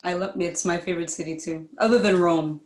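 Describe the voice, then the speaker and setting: Woman from Dominica, chatty performer, somewhat low voice, heard in an echoey room over a video call. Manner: lively, quick and laughing. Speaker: guest performer.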